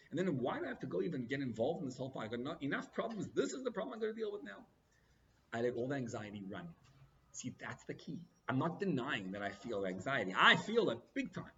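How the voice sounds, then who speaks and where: A man's voice: lo-fi sound, a little hiss or hum. A man who is a rabbi, telling a story in a sermon and acting out the dialogue with big swings in his voice. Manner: animated, acts out dialogue with big pitch swings.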